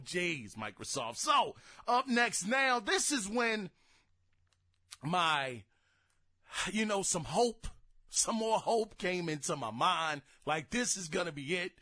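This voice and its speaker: A young man hosting a gaming podcast, giving casual commentary in exasperated, theatrical rants that break into shouted outbursts. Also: sits high, lively intonation, slow pace. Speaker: podcast host.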